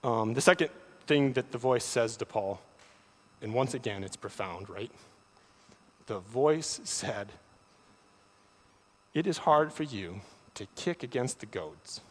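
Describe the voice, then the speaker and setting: A man preaching a sermon, often repeating words as he starts a thought, with animated delivery. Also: medium pitch, slow pace, long pauses. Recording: long hall reverb.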